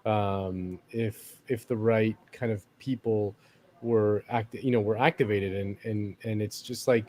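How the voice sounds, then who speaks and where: A man's voice: on the low side, fairly even intonation, measured pace, a little mellow. Rambling man in casual political chat. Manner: rambling, many "like" fillers and restarts.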